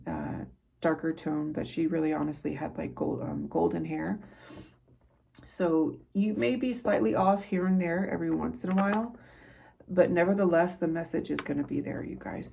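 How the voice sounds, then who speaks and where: A woman's voice: on the low side, creaky, warm tone, a little hiss or hum. A woman who is a psychic tarot reader, giving an earnest, rambling spiritual reading to her viewers in a preacher-like way.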